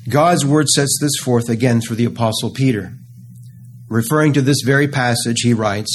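A man preaching a sermon, earnest and emphatic, slowing down to stress key phrases. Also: mid-range voice, slight background noise.

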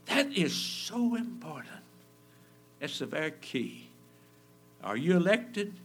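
Forceful slow-preaching man. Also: on the high side, sing-song, husky, soft background music. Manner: fervent, swinging from loud emphasis to near whisper; repeats phrases for emphasis. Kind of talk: sermon.

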